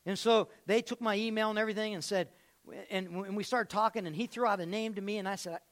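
A man preaching a sermon as pastor, telling stories and repeating phrases, swinging between loud and hushed. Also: high voice, fairly even intonation, fast talker.

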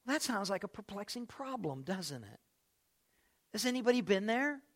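A pastor delivers a sermon in a notably high male voice. He talks straight to his congregation, firing off rhetorical questions. He turns loud and drawn-out on key lines, then drops to a hush. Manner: animated, swings between loud and hushed.

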